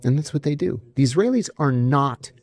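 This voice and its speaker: Gravelly-voiced man telling anecdotes. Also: mid-range voice, fairly quick. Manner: animated anecdotes, acts out quoted dialogue. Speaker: former intelligence officer, guest. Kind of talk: storytelling interview answers.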